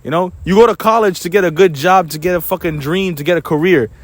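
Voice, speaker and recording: Young male vlogger with a high voice, angry and profane, ranting straight to camera. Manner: angry, profane, rapid-fire complaining; mocks others in put-on quoting voices. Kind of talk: ranting monologue.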